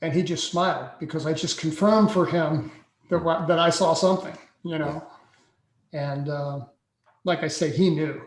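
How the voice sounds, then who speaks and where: A man in his sixties, a podcast guest telling a personal story slowly and deliberately, with frequent pauses. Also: on the high side, steady tone. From United States. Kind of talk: personal account in a podcast interview. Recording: echoey room sound.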